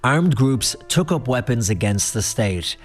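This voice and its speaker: A male reporter reading scripted documentary narration in a measured, serious way. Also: mid-range voice, lively intonation, soft background music.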